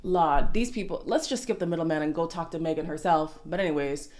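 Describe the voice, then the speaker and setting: A woman's voice: deep voice, a little fast, a little mellow. A woman talks straight into a desk mic, recapping reality TV in a loose, opinionated way. She is sassy and likes to say her point twice. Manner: sassy, opinionated, repeats lines for emphasis. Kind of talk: casual commentary.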